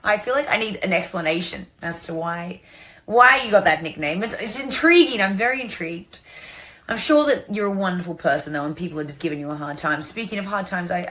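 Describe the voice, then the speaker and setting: A woman's voice: on the low side, lively intonation, fairly quick, fairly bright tone. A young adult woman with an Australian accent, sending a playful and sincere recorded message with many fillers and restarts.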